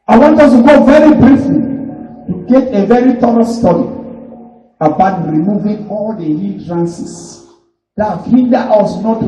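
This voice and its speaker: A man's voice: high-pitched, mellow. A man preaching a sermon as pastor, emphatic and prompting the congregation to answer. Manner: emphatic call-and-response preaching, prompting replies. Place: church service. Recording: echoey church hall, distant mic, faint noise.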